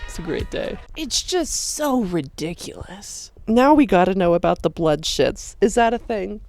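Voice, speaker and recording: Excitable, crude woman vlogger. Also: medium pitch, unhurried, creaky, soft background music. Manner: excitable and crude, with loud bursts and gushing. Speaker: video creator. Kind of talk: casual commentary on her own drawings.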